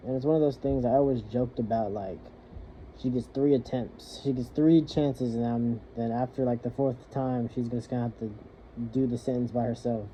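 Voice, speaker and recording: A young man in the military venting about his partner and family in a rambling, halting monologue, swearing freely. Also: medium pitch, fairly even intonation, warm tone. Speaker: soldier venting. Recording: muffled lo-fi with faint hiss.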